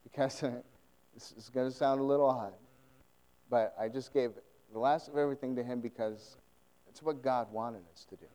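A man's voice: medium pitch, normal speed, long reverb tail, rough recording. A man preaching a sermon, retelling a story with lots of laughter and acted-out voices. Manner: animated, laughing often, acting out scenes.

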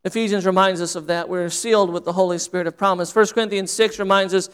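A man's voice: high voice, steady tone, quick pace, few pauses, fairly bright tone, clean tone. A man preaching a sermon as pastor, earnest and repeating phrases for emphasis.

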